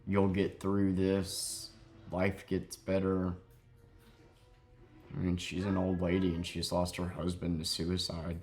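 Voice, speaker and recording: A young man telling a sad story in a halting, grieving way, close to crying, in a confessional vlog. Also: low voice, completely flat delivery, darkish tone, soft background music. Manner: halting, heavy with grief, self-critical. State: near tears. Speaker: vlogger.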